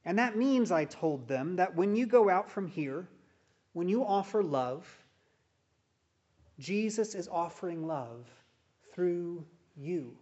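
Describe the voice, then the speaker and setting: High-voiced man preaching slowly. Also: lively intonation, darkish tone. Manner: measured, deliberate delivery with emphatic pauses. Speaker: pastor. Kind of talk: sermon. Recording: dull, muffled sound.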